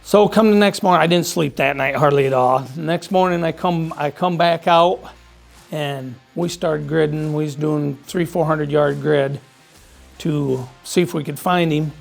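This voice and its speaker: Gravelly-voiced man telling a hunting story. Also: on the high side, unhurried, soft background music. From Michigan. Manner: plainspoken, folksy, repeats himself. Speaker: hunter telling his story. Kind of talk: casual storytelling.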